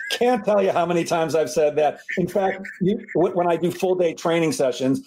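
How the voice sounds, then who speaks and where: A man hosting a casual interview, talking in a quick, joking, self-deprecating way. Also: fairly high pitch, background noise. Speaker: podcast host.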